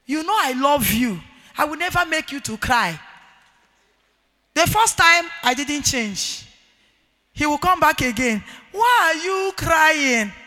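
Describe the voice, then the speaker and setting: High bright Nigerian woman preaching in a hall. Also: lively intonation, measured pace, long pauses. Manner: emphatic, shouting with sing-song rises. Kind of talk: sermon to women. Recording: reverberant hall.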